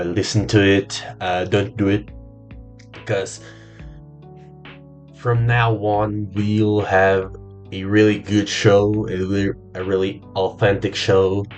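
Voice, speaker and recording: Young Brazilian podcast host, unhurried and halting, deeper register. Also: male voice, fairly even intonation, faint music behind. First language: Portuguese. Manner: halting, repeats words, swears casually. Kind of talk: casual solo podcast monologue.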